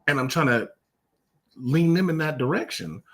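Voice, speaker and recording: A middle-aged father speaking in a casual men's discussion circle, emphatic and animated, acting out quotes as he tells his story. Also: fairly high pitch, moderate pace.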